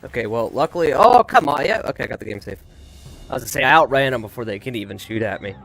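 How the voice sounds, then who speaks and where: A man giving live commentary on a game he is streaming, frustrated and ranting in quick bursts. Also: mid-range voice, vocal fry, fairly bright tone.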